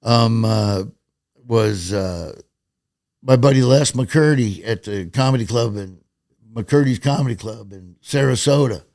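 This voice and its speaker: A middle-aged man, a comedian guest on a podcast, telling stories in a casual, animated way. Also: mid-range voice, measured pace, dry recording, studio quality. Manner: animated, acts out quoted voices and laughs at his own stories. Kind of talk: casual storytelling chat.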